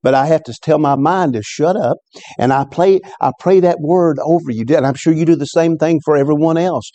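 A man preaching a sermon as a pastor, fervent and repetitive, often rising sharply in pitch when he stresses a point. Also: fairly quick, warm tone, no room sound. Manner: fervent, repeats words, rises in pitch on exclamations. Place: church service.

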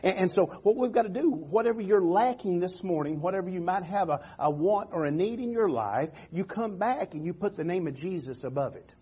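A man's voice: high-pitched, animated, fairly quick, few pauses, mellow, husky. A man preaching a sermon as pastor, calling out "Amen" and "come on" and often restarting his phrases. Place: church sanctuary.

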